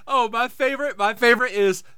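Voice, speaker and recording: A man co-hosting a casual podcast, excitable and swearing, often breaking into laughter. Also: extremely high pitch, fairly quick, smooth, no room sound, clean studio sound. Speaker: podcast co-host. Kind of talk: casual chat.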